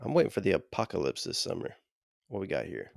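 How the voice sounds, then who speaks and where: A man co-hosting a podcast, trading deadpan, profane jokes in casual banter over a remote call. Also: low-pitched, fast talker, gravelly, a little hiss or hum. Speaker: podcast co-host. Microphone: remote call mic.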